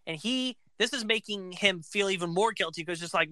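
A woman casually retelling an opera plot, animated and acting out the characters' lines. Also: mid-range voice, a little fast, few pauses, no room sound.

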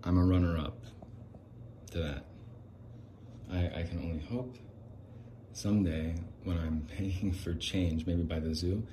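A man's voice: low-pitched, steady tone, measured pace, pauses often, noisy background. A man hosting a solo comedy podcast, rambling and mocking himself. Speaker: podcast host.

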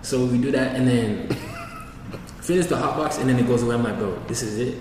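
A man's voice: mid-range voice, normal speed, background noise. A young man telling a story to friends in casual chat, laid-back and full of slang. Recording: echoey room, voice from far off.

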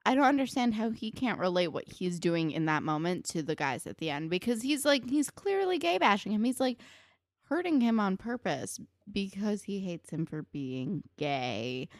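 A woman's voice: medium pitch, sing-song, moderate pace, dry recording, studio quality. A young woman in casual chat who vents about a TV character, full of fillers and emphatic swearing. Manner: filler-heavy, profane, emphatic venting. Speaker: podcast co-host.

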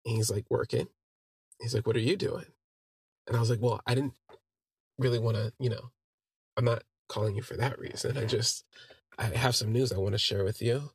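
A man's voice: medium pitch, fairly even intonation, moderate pace, long pauses, slightly rough, no echo, studio quality. A man hosting a podcast, telling a personal story in a conversational way and quoting what friends said to him. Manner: conversational, recounting events with quoted dialogue. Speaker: podcast host.

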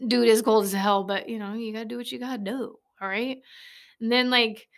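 A woman's voice: on the high side, fairly even intonation, fairly quick. Foul-mouthed woman in her late twenties. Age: late 20s. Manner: blunt, swears often, laughs easily, rambling. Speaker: podcast host. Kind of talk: casual solo podcast monologue. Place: small converted shed recording studio. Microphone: studio microphone.

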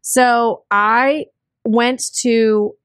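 A woman's voice: a little high, steady tone, very slow, fairly bright tone, smooth, no room sound, studio quality. A young woman chatting casually as a podcast co-host, telling stories and acting out what other people said. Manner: chatty storyteller who acts out quoted dialogue. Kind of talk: casual chat.

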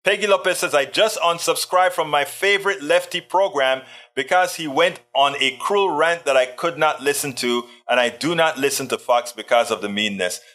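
A man's voice: on the high side, moderate pace, fairly bright tone. A man hosting a livestream in a casual chat, reading viewer comments aloud and adding joking asides. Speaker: livestream host.

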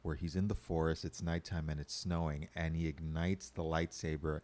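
A man co-hosting a casual, profane chat about films, animated and quick to act out quotes. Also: rumbling low. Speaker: podcast co-host.

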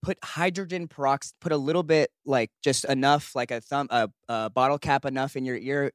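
A man's voice: mid-range voice, steady tone, moderate pace, no echo, clean studio sound. A young man co-hosting a podcast in casual chat, jumping in with questions and advice. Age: young adult. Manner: chatty, jumps in with questions and advice. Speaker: podcast co-host.

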